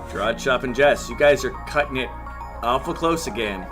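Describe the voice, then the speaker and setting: A man's voice: mid-range voice, expressive, normal speed, music in the background. A man with a strained voice giving livestream commentary on a game, scolding the little colonists on screen and swearing at them. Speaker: game streamer.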